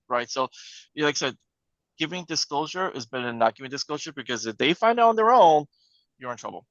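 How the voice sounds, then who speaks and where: A man speaking as a panel guest, briskly and emphatically, often tagging his points with "right?". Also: a little high, lively intonation, fairly bright tone, no room sound, lo-fi sound. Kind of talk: conversational panel discussion.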